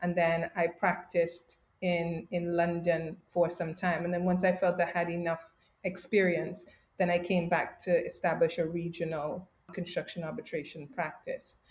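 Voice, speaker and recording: Middle-aged woman, from Canada, guest storyteller, lower voice, roomy echo. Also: a little slow. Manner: lively anecdotes with bursts of laughter. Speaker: guest arbitrator. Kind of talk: interview storytelling.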